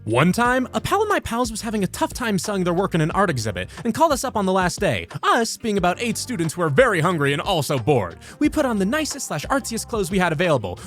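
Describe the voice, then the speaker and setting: Man, comedic narration, high voice, wildly animated, sudden voice shifts, faint music behind. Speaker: voice actor reading posts.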